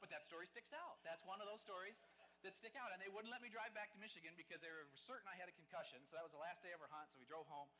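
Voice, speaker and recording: As guest speaker at a game dinner, a man tells stories live in an animated, conversational way, acting out the lines of the people in them. His voice is high and very fast, and the low-quality recording has slight background noise.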